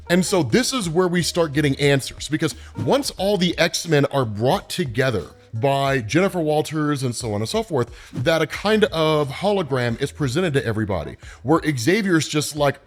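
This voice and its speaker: With a slightly high, animated voice, a comic explainer host walks through the plot casually at a moderate pace, barely pausing. He sprinkles in "like" and "right?" and acts out characters' dialogue in passing, over soft background music.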